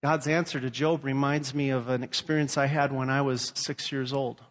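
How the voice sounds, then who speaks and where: A man's voice: medium pitch, fairly even intonation, moderate pace, long reverb tail. A man from Louisiana preaching a sermon and telling stories, acting out the voices he quotes. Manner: storytelling, acts out quoted voices. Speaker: pastor.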